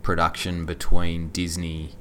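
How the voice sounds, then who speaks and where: A man's voice: low voice, monotone, measured pace, pushed and bright. A man co-hosting a casual film podcast, eagerly explaining trivia. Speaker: podcast co-host.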